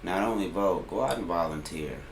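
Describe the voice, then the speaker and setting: A man co-hosts a casual podcast, talking in a laid-back, earnest and slangy way. His voice sits very low, and the room around him rings with echo. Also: brisk, a little hiss or hum. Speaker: podcast co-host. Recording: roomy echo.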